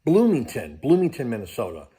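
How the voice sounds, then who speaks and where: An older man talks to his viewers in a casual vlog. His voice sits at an ordinary pitch, and he rambles from one thought to the next, often stopping to remember a detail. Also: huge pitch swings, a little fast, mellow. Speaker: crypto vlogger.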